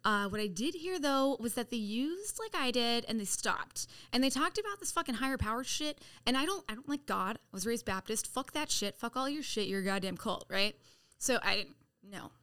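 Profane, bright-voiced woman storyteller. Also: fairly high pitch, normal speed, clear, resonant tone. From San Diego, California. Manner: profane, blunt, animated storyteller. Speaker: podcast guest. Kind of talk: casual storytelling.

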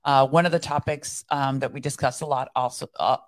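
A woman's voice: extremely low pitch, fairly even intonation, fairly quick. A woman co-hosting a podcast, telling her faith story in an earnest, reflective way. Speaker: podcast co-host. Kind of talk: casual faith conversation.

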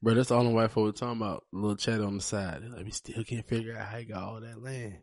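A man co-hosting a podcast, chiming in quickly with jokes in casual chat. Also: fairly low pitch, steady tone, darkish tone. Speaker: podcast co-host.

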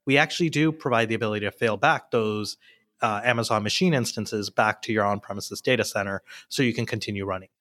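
Steady man explaining tech, dry sound. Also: lowish voice, fast talker, dry recording. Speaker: podcast guest, product expert.

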